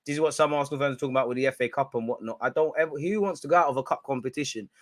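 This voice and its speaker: A young man giving excitable, slang-filled banter on a live football watch-along stream. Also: medium pitch, very fast, dry recording.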